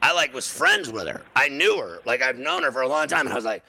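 A man's voice: mid-range voice, big pitch swings, fast talker, vocal fry, poor audio. A man hosting a sports radio show, telling a long story in a rambling way with lots of stammered restarts. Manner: rambling, stammering restarts, loud when acting out his own yelling.

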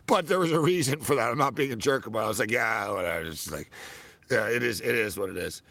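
A man hosting a sports talk show, telling stories in a casual, animated way and laughing often. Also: mid-range voice, fast talker, vocal fry, dry recording. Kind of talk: casual storytelling chat.

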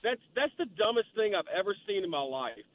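A man's voice: sits high, big pitch swings, brisk. A man calling in to a talk radio show, blunt and opinionated. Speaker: caller. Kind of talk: call-in political talk radio. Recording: tinny phone line.

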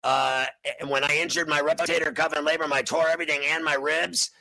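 A man co-hosting a sports betting show, loud, crude and mocking, breaking into sudden shouts. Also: a little high, little pitch movement, brisk, poor audio. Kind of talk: brash sports betting talk.

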